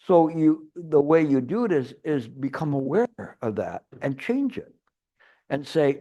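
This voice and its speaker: A man's voice: a little high, animated, normal speed, dark tone, dull audio. A man giving a Chan meditation teacher's retreat dharma talk, rambling and restarting, with playful everyday examples. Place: retreat hall.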